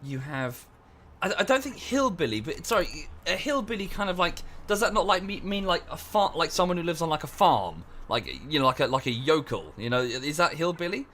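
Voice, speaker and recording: A man's voice: on the high side, lively intonation, fairly quick, hardly any pauses, a bit bright, a little hiss or hum. A young English man chatting casually with his stream chat while playing a strategy game, often correcting himself mid-sentence. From England. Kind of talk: casual livestream chat over gameplay.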